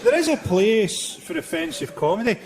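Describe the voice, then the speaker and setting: A man performing a stand-up routine with a deadpan, biting delivery. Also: high voice, moderate pace, a faint crowd. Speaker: stand-up comedian. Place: theatre stage with audience. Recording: live show with loud audience laughter.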